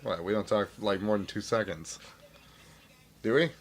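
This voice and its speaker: A man's voice: lowish voice, expressive, moderate pace, breathy edge. A man co-hosting a podcast, bantering in casual chat and often laughing. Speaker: podcast co-host.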